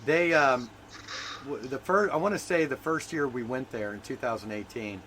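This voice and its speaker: Male host, bright forceful voice, preachy emphasis, faint hiss behind. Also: medium pitch, moderate pace, rough recording. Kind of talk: casual spiritual talk.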